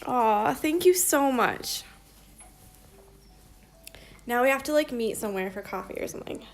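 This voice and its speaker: A woman's voice: a little high, lively intonation, measured pace. A woman hosting a casual embroidery live stream, chatting on and rambling with frequent laughter. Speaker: embroidery livestream host.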